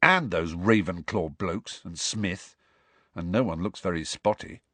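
A man's voice: sits low, a little slow, pushed and bright, breathy edge, dry recording, heavily acted. A man voicing a hot-headed teenage boy who talks bluntly and eagerly and is easily indignant. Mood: wry.

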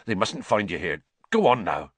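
A man voicing a huge, gentle male groundskeeper with gruff, rough country speech. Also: fairly low pitch, sing-song, moderate pace, dry recording. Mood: urgent.

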